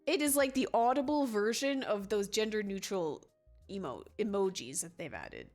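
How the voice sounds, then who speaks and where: A woman's voice: medium pitch, big pitch swings, normal speed, a little mellow, soft background music. Chatty woman streamer rambling with chat. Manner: rambling, chatty, self-interrupting with frequent restarts and laughs. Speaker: gaming livestreamer reading chat. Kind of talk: casual livestream chat.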